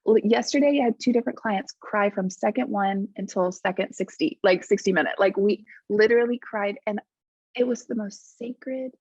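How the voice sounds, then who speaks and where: A woman's voice: medium pitch, moderate pace, a little mellow, no room sound. A woman speaking as a podcast guest, earnest and heartfelt, leaning hard on the words she cares about. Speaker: guest, coach. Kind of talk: casual podcast conversation. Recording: dull lo-fi remote audio.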